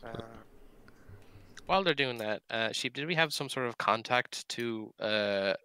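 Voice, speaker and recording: A man's voice: medium pitch, lively intonation, unhurried, bright, forceful tone, clear, resonant tone. A man player chatting casually at a tabletop game and asking questions. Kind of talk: casual chat at the gaming table.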